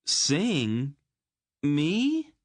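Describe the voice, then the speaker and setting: A man's voice: mid-range voice, lively intonation, measured pace, fairly bright tone, no echo, clean studio sound, soft background music, voice pushed up. A man voicing an earnest young farm boy who sounds pleading and incredulous.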